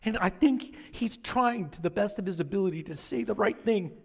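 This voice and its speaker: In a church auditorium with a big-room sound, a pastor preaches a sermon, telling a story dramatically and swinging from hushed, near-whispered lines to impassioned, rising passages. His voice is high-pitched, animated, creaky and slightly rough, at normal speed.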